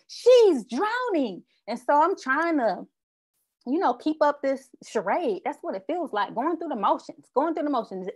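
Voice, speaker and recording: A woman with a fairly high voice preaches through a childhood story. She builds her points by repeating short refrains, and she speaks to her listeners directly. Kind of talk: sermon with personal story.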